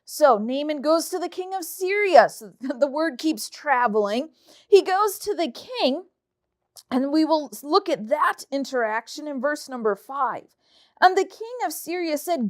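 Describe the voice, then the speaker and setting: High-voiced woman teaching kids the Bible. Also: unhurried. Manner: lively storytelling that mixes scripture reading with casual retelling. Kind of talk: Bible story lesson for children.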